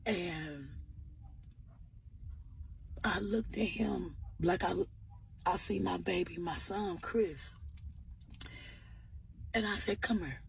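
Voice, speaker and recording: A woman's voice: fairly low pitch, takes it slowly, gravelly, long pauses, slight background noise. A woman earnestly telling a personal story in a vlog, often repeating "I said" and offering religious encouragement. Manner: earnest, repeats "I said" while retelling. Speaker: vlogger.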